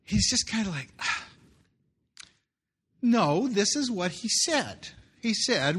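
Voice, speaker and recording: Animated, bright-voiced male preacher. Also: high-pitched, slow pace, long pauses, slightly rough. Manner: animated, jokey asides, reads scripture aloud. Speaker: pastor. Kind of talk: sermon.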